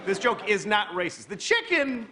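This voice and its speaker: Animated stand-up comedian, high lively voice. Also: male voice, moderate pace, heavy background noise. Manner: animated, conversational storytelling. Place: comedy club stage. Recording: live show with loud crowd laughter. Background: audience laughter.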